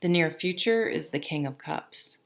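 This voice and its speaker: A woman's voice: deep voice, lively intonation, moderate pace. A woman giving a casual, chatty tarot reading to camera, rambling and often breaking off mid-sentence. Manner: chatty, rambling, self-interrupting. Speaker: tarot reader.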